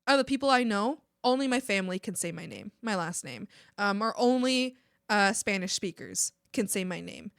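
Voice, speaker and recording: A young woman from Mexico chatting casually on an art stream, animated and ranting, laughing often and swearing casually. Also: fairly high pitch, no room sound, studio quality. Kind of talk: casual live-stream chat.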